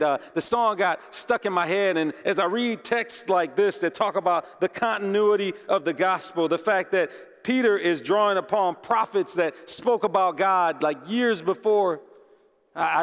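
A man preaching a sermon as pastor, earnest and animated with casual asides to the congregation. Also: sits high. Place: church sanctuary. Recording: long hall reverb.

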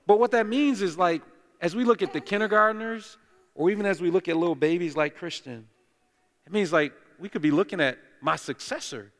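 A man's voice: sits high, a little fast, a bit bright. A man preaching as the lead pastor in a church, speaking in a loose, conversational way, joking and talking straight to the congregation. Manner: chatty and joking, talks directly to the congregation. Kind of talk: conversational sermon. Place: church sanctuary. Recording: long echoey church reverb.

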